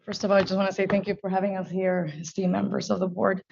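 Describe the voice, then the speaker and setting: A woman speaking English as her second language, a business owner testifying before a board in a halting, earnest, emotional way. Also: mid-range voice, level tone, gravelly, lo-fi sound, background noise. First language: not English. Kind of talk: testimony at a public hearing. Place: hearing room.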